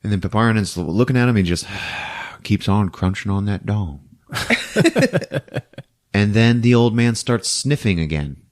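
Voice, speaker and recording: A man hosting a podcast, recapping a movie scene by scene, jumping into quick character voices and laughing often. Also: on the low side, big pitch swings. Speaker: podcast host.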